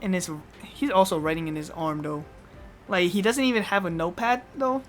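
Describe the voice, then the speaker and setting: A woman streamer giving excitable live commentary on a game playthrough, swearing casually and laughing often. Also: lowish voice, a little fast, faint music behind.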